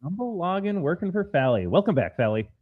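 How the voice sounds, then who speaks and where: A man's voice: high-pitched, sing-song, fairly quick. Blunt opinionated man, dull lo-fi audio. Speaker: podcast co-host. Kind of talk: political talk show banter.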